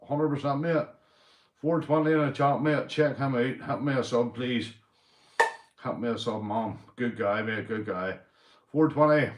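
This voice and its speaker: A Northern Irish man chatting casually on a live stream, slangy and swearing freely, calling everyone mate. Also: medium pitch. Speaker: livestreamer. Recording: roomy echo.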